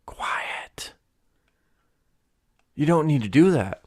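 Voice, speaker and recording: A man hosting a solo podcast, ranting in a casual, profane and animated way. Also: fairly high pitch, dry recording, clean studio sound. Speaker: podcast host.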